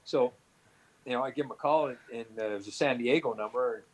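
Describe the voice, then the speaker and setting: A middle-aged man from Canada recalls his playing days in a loose, rambling way. His voice sits at an ordinary pitch, and his stories keep restarting, padded with "you know" fillers. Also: fast talker, low-quality recording. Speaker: guest, former hockey player. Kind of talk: storytelling interview answers.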